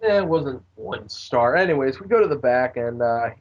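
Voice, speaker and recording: A man's voice: medium pitch, expressive, moderate pace. Rambling man recapping wrestling, lo-fi sound. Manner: rambling recap with goofy character voices. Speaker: podcast co-host recapping wrestling. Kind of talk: casual podcast chat.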